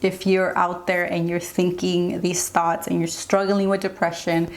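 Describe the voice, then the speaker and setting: A woman's voice: fairly low pitch, monotone, unhurried, hardly any pauses. A young woman speaks to her audience in a get-ready-with-me vlog. She sounds earnest and open. Her speech rambles, with frequent "like"s and unplanned turns. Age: young adult. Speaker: beauty vlogger.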